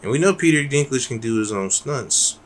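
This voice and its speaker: A man's voice: mid-range voice, animated, brisk, a little hiss or hum. A man co-hosting a podcast in loose, rambling casual chat, swearing freely. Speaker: podcast co-host.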